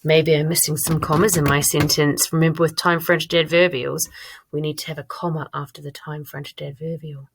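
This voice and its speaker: A woman teacher giving a recorded online lesson, modelling her own writing aloud in a clear, encouraging way. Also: sits low, little pitch movement, fairly quick, slight background noise. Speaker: primary school teacher.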